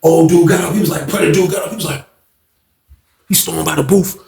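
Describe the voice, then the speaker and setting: A man casually telling a story, profane and animated, acting out voices and sound effects, in a roomy-sounding recording. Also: a little high, fast, creaky. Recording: roomy echo.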